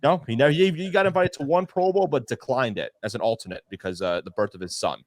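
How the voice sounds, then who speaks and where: A man's voice: mid-range voice, fast talker, no echo. A man in casual podcast chat as a guest fan analyst, rambling and repeating words as he talks. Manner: rambling, repeats words, animated when excited.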